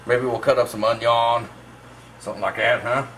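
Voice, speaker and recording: A man hosting a cooking channel, talking viewers through a recipe step by step in a relaxed, folksy way. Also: medium pitch, moderate pace, a little hiss or hum. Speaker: host of a barbecue cooking channel. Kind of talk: casual cooking demonstration.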